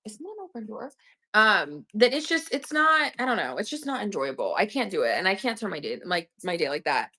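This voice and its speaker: A woman's voice: medium pitch, big pitch swings, a little fast, sharp tone. A young woman chatting casually with viewers on her own livestream, slangy and talkative. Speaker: online reseller hosting a livestream.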